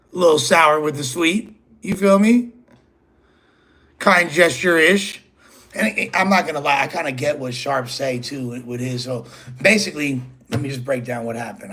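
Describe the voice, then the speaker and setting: A man's voice: mid-range voice, fairly bright tone, husky. A man hosting his own channel, talking straight to a rival in a rambling, profane, casual monologue full of "bro" and "you feel me". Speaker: host.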